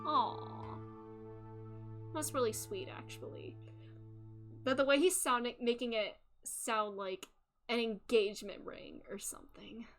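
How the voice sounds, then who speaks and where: Brief: young woman game streamer, high-pitched and chatty, music under. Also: takes it slowly, long pauses. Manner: chatty, thinking aloud, emotional asides. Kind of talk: casual gameplay commentary.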